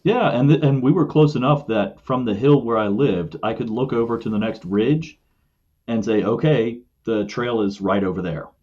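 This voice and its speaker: Male guest from West Virginia, mid-pitched, thoughtful explainer, dull lo-fi audio. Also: normal speed, a little mellow. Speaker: podcast guest. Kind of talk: casual conversation.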